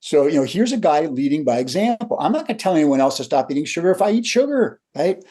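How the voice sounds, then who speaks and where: An older man, a leadership coach, talking through lessons in a relaxed interview and acting out the people in his stories. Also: fairly high pitch, fast. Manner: animated storyteller who acts out quotes. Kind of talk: conversational storytelling.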